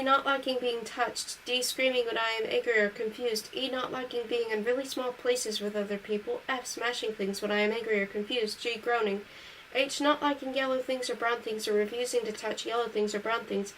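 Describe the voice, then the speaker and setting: A woman reading a novel aloud in a brisk, matter-of-fact first-person voice. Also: fairly high pitch, a bit bright. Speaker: reader. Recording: distant mic with faint hiss.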